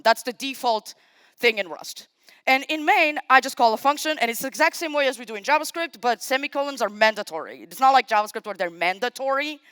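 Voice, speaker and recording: A woman giving a live-coding talk at a conference. She is chatty and casual, makes self-deprecating asides, thinks out loud as she types, and speaks directly to the audience. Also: a little high, clear, resonant tone, dry recording. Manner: thinks aloud while typing, talks to the audience. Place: conference stage.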